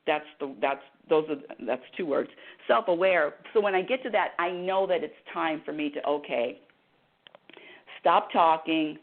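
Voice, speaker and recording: A woman radio host and happiness coach telling a personal story with passion, acting out dialogue in a talk radio monologue. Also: low voice. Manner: impassioned storytelling with dramatized dialogue. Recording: tinny phone-like line.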